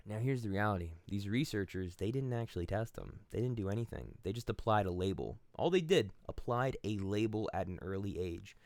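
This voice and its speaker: A man's voice: fairly low pitch, expressive, fairly quick, few pauses, darkish tone, dry recording. A man hosting his channel, giving a casual philosophical monologue in blunt, profane storytelling that acts out the people he quotes. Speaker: channel host.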